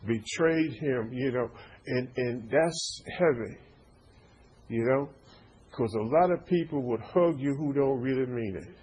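A man's voice: medium pitch, a little slow, a little mellow, breathy edge, poor audio. A man preaching an informal sermon, stammering through repeated words and checking in with his listeners. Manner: stammering repetitions, call-and-response asides.

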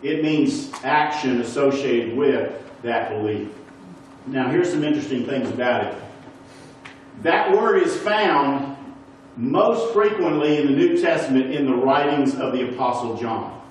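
A man's voice: medium pitch, a little slow, slight background noise. A man teaching a Bible lesson to a congregation, who keeps checking in with his listeners and asking them questions. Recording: echoey room recorded from a distance.

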